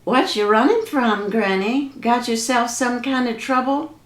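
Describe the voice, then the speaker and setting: A woman voicing a calm, helpful male panther with a slow, easygoing drawl. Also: fairly high pitch, close to an everyday voice. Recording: echoey room.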